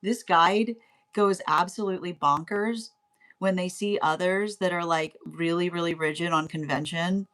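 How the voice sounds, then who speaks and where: Halting, chatty woman tarot reader. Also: fairly low pitch. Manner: halting, repeats words, many fillers; grows animated and laughing. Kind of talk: spoken intuitive reading.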